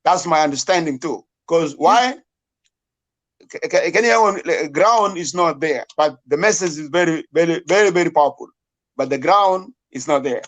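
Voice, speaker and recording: A man's voice: on the high side, moderate pace, fairly bright tone. A man with a South Sudanese accent in a heated debate, insistent and talking over others with repeated words.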